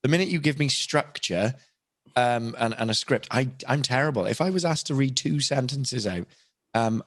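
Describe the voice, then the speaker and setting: A man's voice: mid-range voice, moderate pace, no room sound. Self-deprecating young British man, dry sound. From Britain. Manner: rambling, self-deprecating, restarts often. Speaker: guest impressionist and voice actor. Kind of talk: casual podcast chat.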